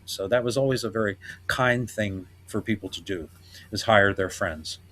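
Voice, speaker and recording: A man's voice: fairly low pitch, moderate pace, fairly bright tone. A man hosting a podcast, chatting casually and laughing often as he retells scenes. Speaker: podcast host. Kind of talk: casual chat.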